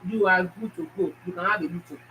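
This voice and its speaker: A woman's voice: fairly low pitch, fast, bright, forceful tone. A woman, a food YouTuber, giving earnest casual advice and repeating her key points. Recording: distant mic with faint noise.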